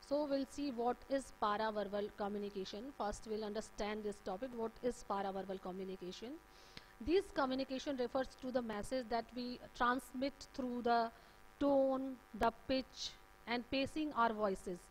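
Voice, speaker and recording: This teacher, a woman with an Indian English accent, lectures a class on communication skills, often saying "uh" and pausing to ask "okay." Her pitch runs a little high, and the low-quality audio carries slight background noise.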